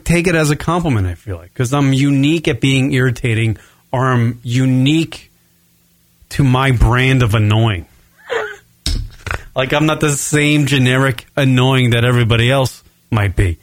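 A young man with a medium-pitched voice hosts a podcast from a home studio in his apartment, with no room sound. A bit tipsy on beer, he delivers a loose solo rant, rambling, swearing and poking fun at himself.

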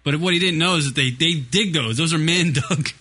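A man's voice: a little high, a little fast, bright, forceful tone, breathy edge. A man hosting a radio show, telling a laughing story amid crude banter. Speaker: host.

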